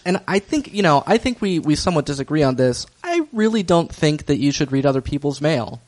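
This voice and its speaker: A man co-hosting a casual recap chat, easygoing and quick to laugh. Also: mid-range voice. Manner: easygoing, laughs often, agreeable. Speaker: podcast co-host.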